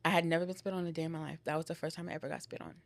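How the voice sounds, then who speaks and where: A woman's voice: low voice, steady tone, rapid-fire, gravelly. A young woman, a podcast guest, candidly retelling a painful personal story, with lots of filler "like"s. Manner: candid, emotional retelling with many filler likes.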